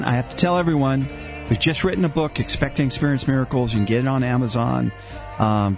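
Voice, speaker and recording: A man hosting a religious talk show as a deacon, telling stories earnestly and with animation. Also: medium pitch.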